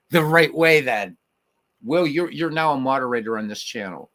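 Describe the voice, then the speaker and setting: A man's voice: mid-range voice, moderate pace, fairly bright tone, dry recording. A man from Ireland hosting a casual livestream, rambling through viewer comments with fillers, restarts and swearing. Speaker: livestream host.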